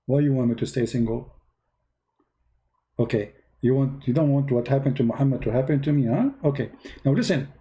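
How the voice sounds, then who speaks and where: Male host, casual sarcastic commentary, halting non-native English, warm mellow voice. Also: medium pitch. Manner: sarcastic, mocking, talks directly to viewers.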